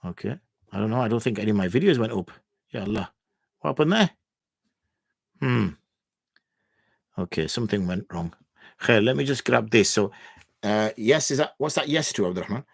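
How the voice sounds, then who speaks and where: A man's voice: on the low side, lively intonation, moderate pace, creaky, pauses often, no room sound. Man, livestream host, casual rambling, lots of fillers, dry sound. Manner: loose, thinking aloud with many fillers. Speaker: mufti hosting Q&A.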